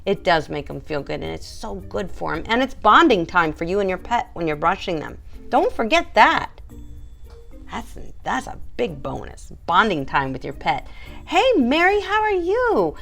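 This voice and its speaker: A woman's voice: fairly low pitch, big pitch swings, moderate pace, gravelly, fairly bright tone, soft background music. A woman, a pet groomer, hosting a casual live stream, chatty and emphatic as she answers viewers by name.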